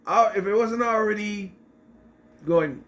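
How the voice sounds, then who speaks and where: A man's voice: sits high, unhurried, fairly bright tone. A man casually recapping and reviewing a TV episode, rambling and correcting himself as he acts out the scenes.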